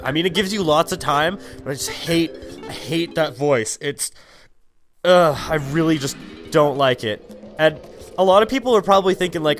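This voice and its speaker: A man's voice: on the high side, normal speed, fairly bright tone. A young man giving rambling, casual commentary over his gameplay, full of ums, likes and swearing. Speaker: let's play gamer. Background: game music.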